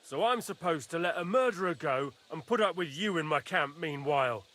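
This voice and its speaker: A hot-tempered, foul-mouthed noble knight. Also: male voice, a little high, animated, a little fast, a bit bright. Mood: angry. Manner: angry, barking, foul-mouthed. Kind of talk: video game dialogue.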